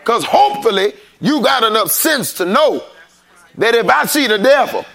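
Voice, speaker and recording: A man preaching a sermon, calling out to the congregation and rising into shouts. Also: extremely high pitch, expressive, moderate pace, creaky. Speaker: pastor. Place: church sanctuary.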